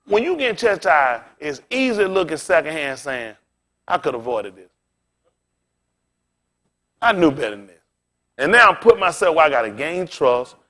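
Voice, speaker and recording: A male pastor preaches a sermon in a casual style, his pitch and loudness swinging widely. He speaks directly to the congregation in asides.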